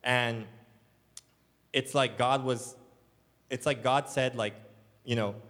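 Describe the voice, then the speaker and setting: A man's voice: medium pitch, fairly even intonation, takes it slowly, pauses often, fairly bright tone. A young adult man, a church elder, preaching a sermon in a loose, casual storytelling way full of "like"s. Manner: casual, filler-heavy storytelling with many "like"s. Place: church hall. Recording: long hall reverb.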